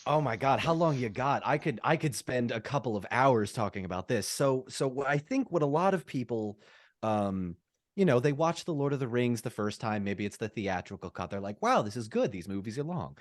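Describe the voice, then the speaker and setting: Animated rambling man on a podcast. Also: mid-range voice, no echo, studio quality. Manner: rambling, animated storytelling with quick laughs. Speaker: podcast guest. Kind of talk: casual podcast chat.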